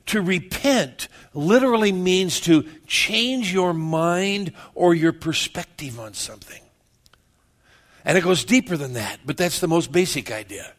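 A man delivering a sermon with a slightly high-pitched voice. He talks conversationally and keeps questioning and teasing his listeners. He uses a relaxed, personal preaching manner. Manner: conversational, asks the congregation questions, joking. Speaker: pastor.

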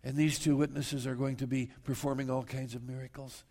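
A male pastor preaching a sermon in a mid-range voice with a gravelly edge. He talks earnestly and conversationally, often stopping to address his listeners directly. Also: mid-range voice, level tone, brisk, mellow. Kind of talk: verse-by-verse sermon.

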